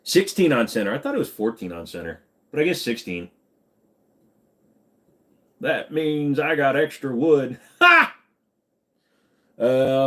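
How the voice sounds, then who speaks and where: Dude rambling to his chat on a live stream, crude jokes, voice jumps up and down a lot. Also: mid-range voice.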